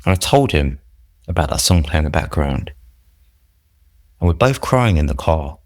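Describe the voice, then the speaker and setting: A man's voice: extremely low pitch, sing-song, moderate pace, a little mellow, no echo, clean studio sound. A man, a podcast guest, telling his recovery story in an earnest, reflective, rambling way with many restarts.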